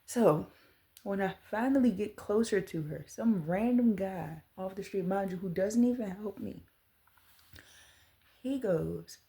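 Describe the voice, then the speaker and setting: A woman in her thirties telling a personal story to the camera, earnest and animated as she retells it. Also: mid-range voice. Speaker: vlogger.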